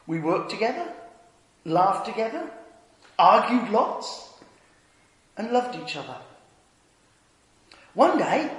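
A man preaching a sermon, telling stories earnestly and dropping to a hush on tender points. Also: high voice. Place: church. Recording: echoey church hall.

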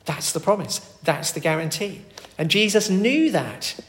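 A man preaching a sermon, earnest, moving between loud emphatic calls and soft, quiet pleading. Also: high-pitched, expressive, measured pace. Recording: echoey hall with long reverb.

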